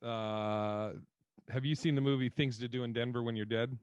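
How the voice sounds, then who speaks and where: A man's voice: medium pitch, steady tone, moderate pace, clean tone, no room sound, muffled recording. Laid-back swearing male podcast host. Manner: rambling, laughing, swears freely. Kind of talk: casual chat.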